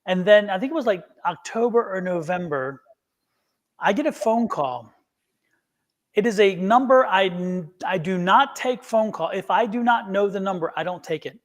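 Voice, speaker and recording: A man's voice: high-pitched, moderate pace. A man who reads tarot, chatting casually on a live stream and telling a rambling story, acting out each voice in the conversation. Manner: animated storyteller who acts out both sides of conversations. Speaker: tarot reader and show guest.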